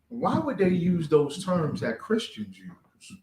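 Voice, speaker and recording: Animated man preaching in an echoey room. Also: sits high, gravelly. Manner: animated, call-and-response, acts out voices. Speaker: teacher leading a scripture class. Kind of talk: street-preaching style scripture class. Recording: roomy echo, distant from the mic.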